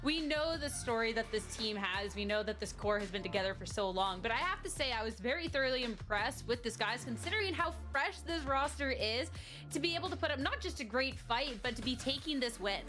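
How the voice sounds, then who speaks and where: A cheerful female esports host chatting with her co-casters, with laughter often in her slightly high voice. Clear music plays behind her. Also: animated, fairly quick. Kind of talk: esports desk talk.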